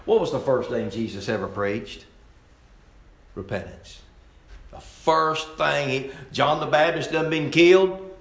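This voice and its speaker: A man preaching with real fire, his voice climbing into shouts and then dropping to near murmurs. He sits at an ordinary middle pitch. The sound carries the roomy echo of a church sanctuary. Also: unhurried, creaky. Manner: impassioned, swings from loud outbursts to low asides. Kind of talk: fiery sermon.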